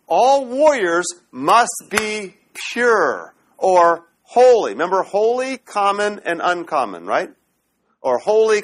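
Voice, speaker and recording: A man with a high voice teaches a Bible class in classroom lecture style, animated and frequently checking in with the class.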